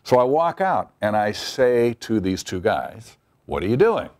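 Low-voiced man telling a wry anecdote. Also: very animated, a little slow, a little mellow, a little hiss or hum. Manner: wry storytelling, acts out quotes. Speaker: TV writer recalling a story. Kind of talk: interview anecdote.

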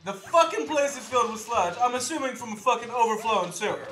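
Bright-voiced sardonic man. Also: very high voice, lively intonation, quick pace. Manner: sardonic, swearing. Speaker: co-host watching the game. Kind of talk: casual gameplay commentary. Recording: echoey room with game music.

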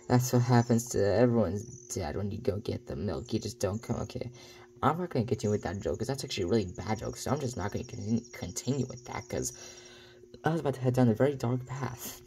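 A man's voice: mid-range voice, fairly quick, mellow. A man hosting a let's play, rambling through his commentary with sarcastic, self-mocking asides.

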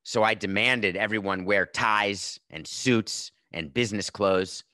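A man's voice: lowish voice, measured pace, sharp tone, no echo, studio quality. A man in his fifties hosting a sports podcast, giving opinionated commentary with emphatic, sarcastic rhetorical questions. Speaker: podcast host.

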